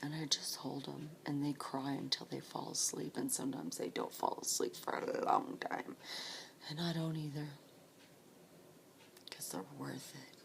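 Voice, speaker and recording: A woman telling her own story of supporting grieving people, speaking softly and often dropping to a whisper, tearful at times. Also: deep voice, little pitch movement, normal speed, vocal fry, slight background noise. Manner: soft, hushed, often breaking into a whisper. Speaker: grief support volunteer. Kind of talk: personal storytelling.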